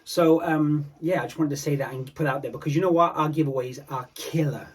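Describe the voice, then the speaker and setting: A man's voice: a little high, steady tone, quick pace, slight background noise. A man co-hosting a thrift vlog with dry, sarcastic teasing. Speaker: thrift reseller and co-host. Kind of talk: casual vlog chat.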